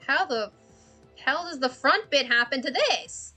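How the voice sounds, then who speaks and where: Streamer woman, higher bright voice, rambling, cursing chat over faint music. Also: expressive. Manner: rambling, swearing, quick laughs. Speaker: art streamer. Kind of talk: casual livestream chat while drawing.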